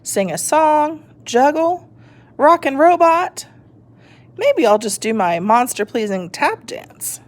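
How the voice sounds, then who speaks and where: A woman voicing an excitable female skeleton in a storybook reading, high and squealy. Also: slow pace, exaggerated voice. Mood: excited. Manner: squealy, bouncy, exclaiming.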